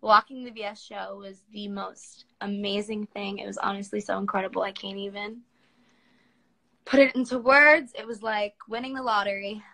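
A twentysomething model from Washington, D.C., United States, talks casually with fans on a phone livestream from home, answering their comments. Her mid-range voice holds a steady tone at normal speed, fairly bright with vocal fry, in a low-quality recording.

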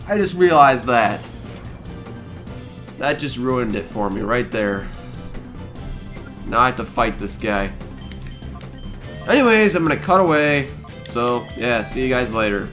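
An excitable young man records video game commentary with faint game music behind him. His pitch sits mid-range for a man, and he reacts out loud as he plays. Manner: excitable, talks to the game characters, quick exclamations. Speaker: let's play host.

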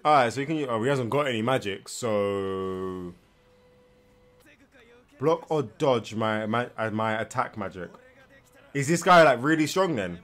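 A young man giving casual, animated reaction commentary while watching, tired and yawning, with slangy asides and frequent repeated words. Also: mid-range voice, measured pace, long pauses. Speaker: anime reaction host. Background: faint anime soundtrack.

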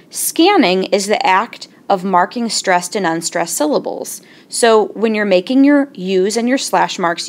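Patient woman teaching a lesson. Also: medium pitch. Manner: clear and patient, slows to sound out syllables. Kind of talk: explaining a lesson.

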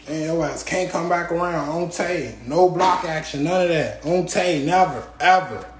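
A man's voice: a little high, normal speed, reverberant, a crowd in the background. A young man, ranting angrily and profanely at a rival, repeating street tags like "gang" and "on tape". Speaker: rapper ranting on a livestream. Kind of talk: angry ranting rant.

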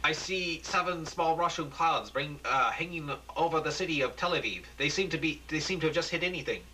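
A male newsroom reporter in a homemade radio play, flat and resigned, as a man reads him. The voice is bright. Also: a little high, fairly quick, slight background noise, pitched above the performer's own voice, rough recording.

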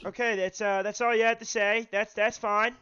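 A man hosting a call-in livestream, talking in a halting way and often repeating himself. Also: high-pitched, flat delivery, lo-fi sound, a loud crowd. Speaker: livestream host taking callers.

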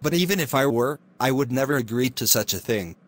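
A man's voice: mid-range voice, animated, brisk, close to an everyday voice. A man voicing a frightened young miller's daughter who pleads in a raised voice. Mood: worried.

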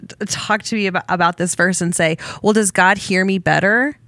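A woman co-hosting a church podcast, speaking in a measured, thoughtful way. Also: fairly low pitch, steady tone, fairly bright tone, no room sound. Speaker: podcast co-host. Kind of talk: casual church podcast chat.

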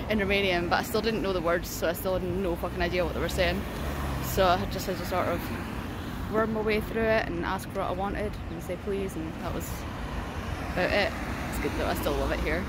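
A woman's voice: fairly low pitch, very noisy. A young woman from the UK, chatting casually in a vlog. She rambles and is self-mocking, with many filler words. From United Kingdom. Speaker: travel vlogger.

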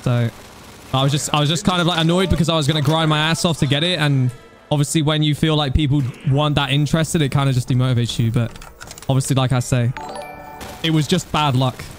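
Chatty streamer, higher voice. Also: male voice, quick pace, soft background music. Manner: chatty, thanks donors, gets excited. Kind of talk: casual live-stream chat.

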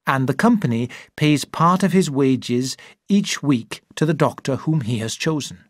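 A bossy, falsely cheerful middle-aged spinster, put on by a male reader for a storybook. Her voice climbs higher than the narration and moves a lot. The sound is dry and close. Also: no room sound. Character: brisk middle-aged spinster sister of a doctor.

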